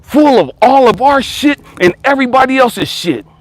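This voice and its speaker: A man's voice: very high-pitched, animated, moderate pace. A man coaching viewers in a blunt, profane motivational rant, now and then mimicking whiny complainers. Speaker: life coach.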